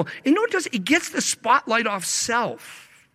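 A male pastor delivering a sermon, stretching key words slowly and swinging between loud emphasis and hushed asides. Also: very high-pitched, sing-song. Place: church sanctuary. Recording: long reverb of a large hall.

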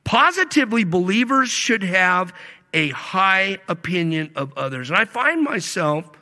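Bright-voiced preaching man in a hall. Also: sits high, big pitch swings. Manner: dynamic preaching, stretching key words slowly, shifting between loud and hushed. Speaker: pastor. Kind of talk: sermon. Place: church sanctuary. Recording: long reverb of a large hall.

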